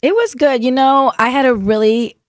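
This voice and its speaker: A woman's voice: sits high, lively intonation, normal speed, dry recording. A woman co-hosting a podcast, chatting casually in a gushing, agreeable way. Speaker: podcast co-host. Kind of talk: casual chat.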